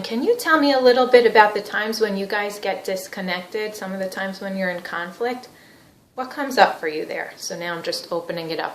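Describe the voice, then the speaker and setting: A woman therapy trainer teaching through role-play, explaining her steps and gently probing and validating as the therapist. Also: medium pitch. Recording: echoey room.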